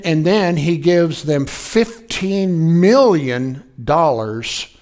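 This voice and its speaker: A man in his sixties preaching a conversational sermon, folksy, telling personal stories and asking the congregation questions. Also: fairly high pitch. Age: 60s. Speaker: pastor.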